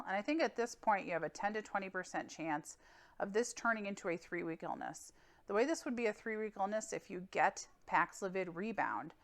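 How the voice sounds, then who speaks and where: A woman with a fairly low voice gives her regular medical update as a physician. She explains things calmly and clinically. She pauses now and then on small fillers.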